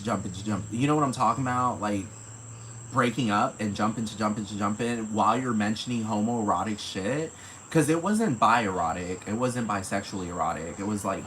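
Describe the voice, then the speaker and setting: A man with a voice on the low side and a fairly bright tone rambles profanely and casually on his solo podcast, repeating "you know what I'm talking about." The audio is poor, with a little hiss or hum.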